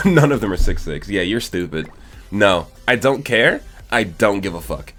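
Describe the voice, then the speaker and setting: Young man, game commentary, fairly low voice, blunt, exasperated, swears, faint background music. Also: expressive, normal speed, fairly bright tone. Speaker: game account reviewer. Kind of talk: casual gaming commentary.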